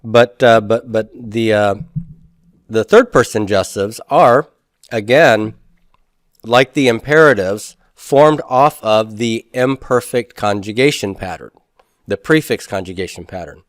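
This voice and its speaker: A man's voice: lowish voice, a little slow, no echo, studio quality. A man teaching a recorded grammar lecture, explaining step by step and putting questions to the class, with folksy asides.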